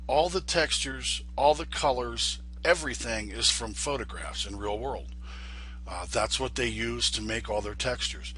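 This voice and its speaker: A man's voice: mid-range voice, bright, forceful tone, a little hiss or hum. A man with a sinus infection, sounding congested, talking casually and rambling through a flight sim tutorial with many restarts. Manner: rambling, restarts often, folksy. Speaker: flight sim video host.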